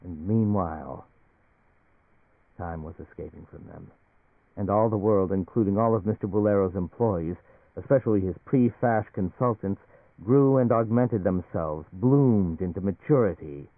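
A man narrating a novel in a measured, even storytelling manner. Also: sits low, dry recording. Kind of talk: audiobook novel reading on radio. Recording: tinny dry radio broadcast.

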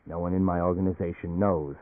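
A man voicing a calm male agency chief with a flat, measured, lowered delivery. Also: no echo, lightly acted. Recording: phone-like narrow band, dry.

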